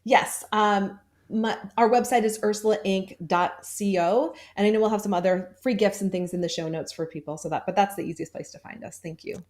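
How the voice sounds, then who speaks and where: A woman's voice: mid-range voice, fairly quick, a little mellow. A woman sales coach speaking as a podcast guest, encouraging and laughing easily. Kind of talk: podcast interview.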